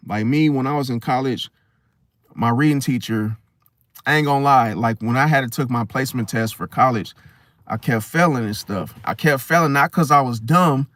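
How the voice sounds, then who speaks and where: A young man talking casually to camera, telling a personal story in an animated, slangy way. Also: mid-range voice, dry recording, studio quality. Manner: animated storytelling, slangy, swings loud and soft. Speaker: host.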